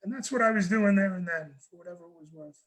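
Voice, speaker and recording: A man, a guest on a panel, telling a personal story in an animated way, often restarting and repeating words. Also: sits high, fast, poor audio. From New York. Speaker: guest speaker.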